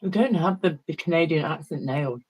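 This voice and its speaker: A soft-spoken woman from the UK joins a stream as a guest and chats thoughtfully while she paints. Her voice sits on the lower side and she speaks in an easy, unhurried way. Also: breathy edge, low-quality recording. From United Kingdom. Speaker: guest artist. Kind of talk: casual chat while painting.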